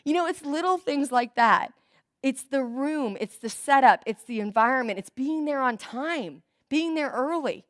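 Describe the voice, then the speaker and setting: Young woman guest speaker, animated storyteller, somewhat high voice, close dry sound. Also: moderate pace, no room sound. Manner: chatty and animated, acts out quoted dialogue. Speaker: guest speaker at a church volunteer event. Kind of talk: storytelling talk to volunteers. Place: church hall.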